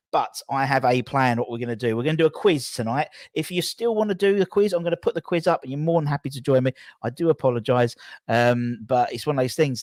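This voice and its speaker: A man's voice: medium pitch, a little mellow, no echo. A man hosting a casual live stream, apologising again and again in a rambling way with many restarts. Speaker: host.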